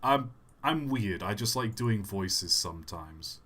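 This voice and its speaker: A man's voice: lowish voice, animated, takes it slowly, sharp tone. A man answering chat questions on a casual live stream, rambling and self-deprecating, with many fillers.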